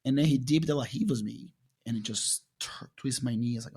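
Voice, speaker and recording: Gravelly-voiced man telling a story. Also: medium pitch, brisk. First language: Portuguese. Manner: animated storyteller, acts out his own past lines. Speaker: guest, jiu-jitsu champion. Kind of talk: casual storytelling interview.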